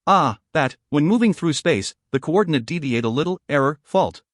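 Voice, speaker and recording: A man's voice: on the high side, animated, normal speed, dry recording, studio quality, lightly acted. A man voicing a sheepish, worn-out young male fighter in a fantasy audiobook, apologetic and stammering.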